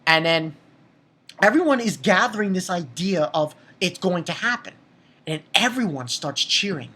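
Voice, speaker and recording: A woman's voice: lowish voice, big pitch swings, normal speed, a bit bright, husky. A young woman giving a casual, rambling recap and review of an anime episode, full of restarts and the odd swear.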